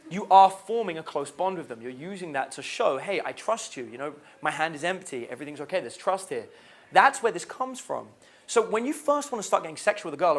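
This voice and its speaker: A young man coaching on dating, talking in an animated way and acting out the lines he suggests. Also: a little high. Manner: animated, acts out quoted lines. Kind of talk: dating advice talk.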